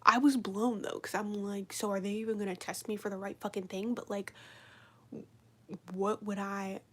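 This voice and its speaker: A woman chatting casually on a live stream, telling a rambling, profane story full of "like" and sometimes dropping to a hushed whisper. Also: mid-range voice, level tone, normal speed. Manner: drops into a hushed whisper at times.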